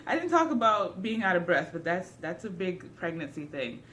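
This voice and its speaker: A woman's voice: fairly low pitch, sing-song, moderate pace, a bit bright, a little hiss or hum. A young pregnant woman chatting casually to camera in a vlog, a little out of breath and self-deprecating. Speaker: vlogger. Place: at home indoors.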